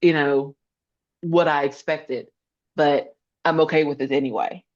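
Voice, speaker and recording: Speaking at a measured pace, this woman has a low, darkish voice captured in lo-fi sound. As a social worker being interviewed on a podcast, she chats conversationally but earnestly, hammering her point with repeated phrases.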